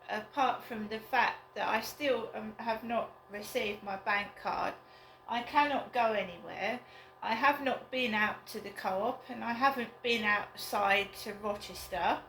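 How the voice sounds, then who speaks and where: Slow-talking woman vlogger. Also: on the high side, slight background noise. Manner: slow, rambling, downbeat musing. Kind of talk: casual solo vlog. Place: her flat, indoors. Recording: roomy flat with faint ambience.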